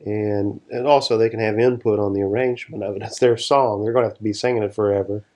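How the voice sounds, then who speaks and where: A man's voice: fairly low pitch, steady tone, fast, a little mellow. Laid-back man telling studio stories. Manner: rambling, restarts sentences, laid-back storytelling. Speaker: session guitarist, interview guest. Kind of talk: casual interview storytelling.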